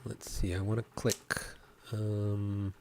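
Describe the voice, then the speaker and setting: Low, slow man thinking aloud. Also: completely flat delivery, heavy background noise. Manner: thinking aloud, halting with fillers. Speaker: game developer. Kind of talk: live coding commentary.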